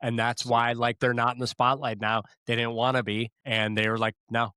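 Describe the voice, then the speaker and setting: A man's voice: mid-range voice, little pitch movement, brisk, bright, forceful tone, smooth, no room sound. A man from Ohio, a guest on an education podcast, explaining his ideas thoughtfully in casual interview chat. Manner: thoughtful, restarts and fillers while explaining.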